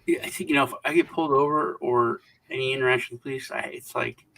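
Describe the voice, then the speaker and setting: A man's voice: mid-range voice, fairly even intonation, fast, creaky, fairly bright tone, low-quality recording. Rambling male podcast host. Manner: rambling, acts out quoted voices animatedly. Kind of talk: casual panel chat.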